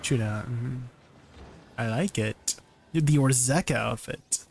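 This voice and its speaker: A man's voice: medium pitch, takes it slowly, vocal fry, a little mellow, a little hiss or hum. A young man streaming a game, chatting casually with viewers, easily amused and rambling with restarts; he is not British. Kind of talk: casual live-stream chat while gaming.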